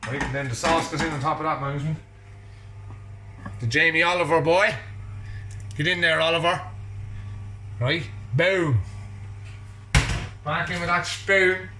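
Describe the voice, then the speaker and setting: A man's voice: fairly high pitch, steady tone, a little slow, long pauses, reverberant, background noise. An Irishman chatting and joking while he cooks at home, bantering with someone off camera. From Ireland. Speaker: vlogger cooking at home. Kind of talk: casual chat while cooking. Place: home kitchen.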